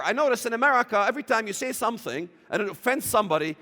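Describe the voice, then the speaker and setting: A combative man preaching as a church guest, his voice bright and cutting as he pushes toward shouts. His pitch sits high and swings wildly from line to line. Long reverb from the church hall trails every word. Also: lively intonation, very fast. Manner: emphatic, combative, rising to shouts. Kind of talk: fiery preaching talk.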